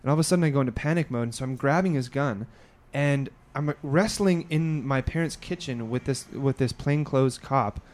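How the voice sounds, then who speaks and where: Podcast co-host, male, mid-pitched, loose rambling storyteller full of fillers. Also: a little fast, hardly any pauses, a little mellow. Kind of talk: casual chat.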